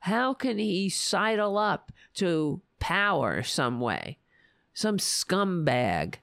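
A woman hosting a livestream, delivering an angry, sarcastic political rant full of profanity, her voice going hoarse. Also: lowish voice, very animated, very slow, fairly bright tone, dry recording, clean studio sound. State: losing her voice. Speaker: livestream host.

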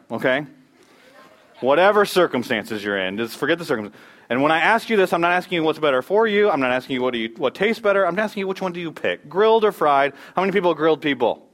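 Fast-talking upbeat pastor, a man. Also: on the high side, fairly bright tone. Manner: upbeat, joking, quizzes the crowd. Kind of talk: church announcements, prayer and playful audience sermon opener.

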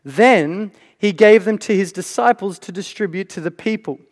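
A high-pitched man preaches to his congregation. He talks like he's chatting with them and keeps asking "right?" His voice rings out with a long reverb in a big hall. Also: normal speed. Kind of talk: sermon.

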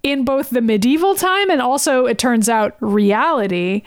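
Woman, podcast co-host, high voice, dry close sound, casual deadpan recap. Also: normal speed, dry recording. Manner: retells a cartoon plot in a chatty, deadpan way, quoting characters. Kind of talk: casual chat.

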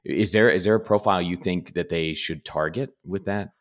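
Very deep-voiced podcast host. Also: male voice, normal speed. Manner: relaxed, hesitant, many fillers. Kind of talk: casual podcast chat.

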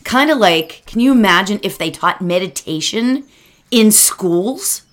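A woman's voice: medium pitch, expressive, measured pace, a bit bright. A middle-aged woman giving a reflective solo talk as a meditation teacher, earnest and rambling, speaking straight to her listeners and close to tears. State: emotional, near tears.

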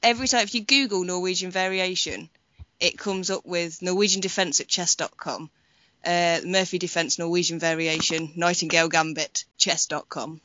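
A woman co-hosting a casual podcast, making quick dry remarks and laughing along. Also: lowish voice, steady tone, pushed and bright, dry recording, highs cut off. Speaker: podcast co-host. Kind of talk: casual chat.

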